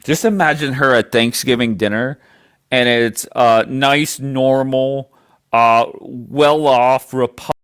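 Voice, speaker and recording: The livestream host has a medium-pitched, steady voice that's slow, fairly bright, clear and resonant. He argues hotly and profanely, steamrolling his guest by talking over him.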